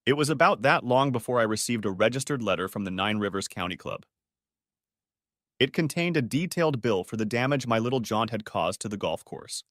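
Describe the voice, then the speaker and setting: A man narrating a first-person audiobook story in a steady storytelling manner. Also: mid-range voice, no room sound, clean studio sound.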